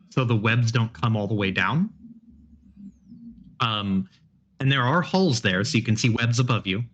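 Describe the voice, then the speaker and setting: A man running a tabletop horror game as game master, describing scenes in a relaxed way with many fillers. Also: medium pitch.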